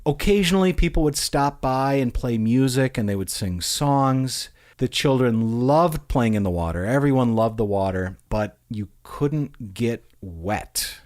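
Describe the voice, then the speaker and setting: A man's voice: mid-range voice, measured pace. Brief: male podcast host, amused, casual storyteller. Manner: animated, amused, acts out quotes.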